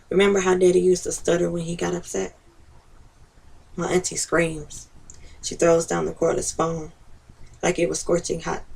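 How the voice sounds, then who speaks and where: A woman reads her personal essay aloud in a slow, measured way. Her voice is deeply gravelly and husky, and her pitch stays flat and level. She sits back from the microphone, so she sounds distant. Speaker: author reading her own essay.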